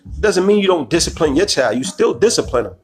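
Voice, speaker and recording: Animated young man chatting on a live stream. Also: fairly high pitch, fast, soft background music. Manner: animated, laughs often, repeats "you know what I'm saying". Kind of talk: casual live chat reading viewer comments.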